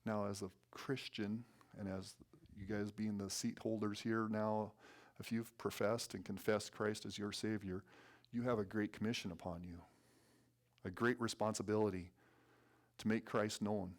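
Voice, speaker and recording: Guy giving a sermon in church, kinda low voice, earnest, gets fired up. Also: flat delivery, normal speed. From North Dakota. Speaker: guest preacher. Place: church sanctuary.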